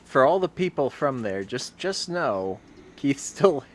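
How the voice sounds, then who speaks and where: A man co-hosting a podcast, joking around in lively casual chat. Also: mid-range voice. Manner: lively, joking, quick to laugh. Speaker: podcast co-host.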